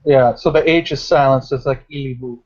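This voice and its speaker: A man's voice: medium pitch, steady tone, brisk, a little mellow. A man playing a tabletop game, chatting in a rambling, self-correcting way. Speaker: player. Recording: dull lo-fi recording.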